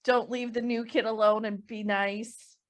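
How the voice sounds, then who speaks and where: A woman's voice: a little high, little pitch movement, measured pace, slight background noise. A woman playing a tabletop game who chats cheerfully about what her character does. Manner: cheerful, chatty. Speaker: player.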